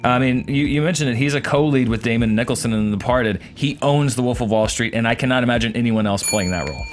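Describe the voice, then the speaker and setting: A man on a film debate panel, pushing his argument in rapid bursts with stumbles and restarts. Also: medium pitch. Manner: rapid, stumbles over words when pushing a point. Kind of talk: casual debate.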